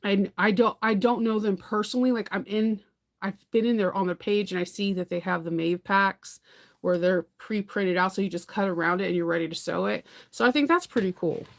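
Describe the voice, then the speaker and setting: Woman, casual livestream host, chatty, rambling, laughs a lot, mid-pitched voice. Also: a little fast, vocal fry. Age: adult parent. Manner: chatty, rambling, laughs often, answers viewer comments.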